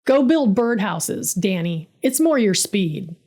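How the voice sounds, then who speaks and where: A woman's voice: mid-range voice, sing-song, slow pace, a little mellow, heavily acted. A woman voicing an arrogant, condescending male construction boss in a storybook narration, smug and dismissive.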